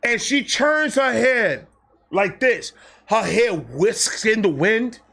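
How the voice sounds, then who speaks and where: A young man telling a casual, comedic story, animated, acting out quotes with slang and swearing. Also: high voice, takes it slowly, gravelly. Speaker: storyteller host.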